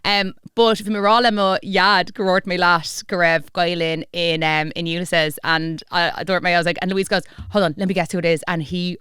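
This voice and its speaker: A woman's voice: on the low side, little pitch movement, normal speed, hardly any pauses, a bit bright, clean tone, no room sound, studio quality. A woman with an Irish accent co-hosting a podcast, chatty and mixing Irish and English. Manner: chatty, laughs often, mixes Irish and English. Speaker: podcast co-host. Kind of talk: casual chat. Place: studio.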